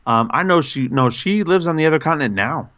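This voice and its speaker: Gushing male podcast host, dull lo-fi sound. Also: fairly quick. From North Carolina, USA. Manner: gushing, animated, pitch jumps when excited. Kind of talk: casual podcast chat.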